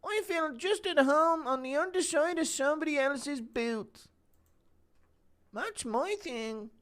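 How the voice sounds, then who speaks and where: High-pitched, slow, flat, female text-to-speech voice, meek preachy young man.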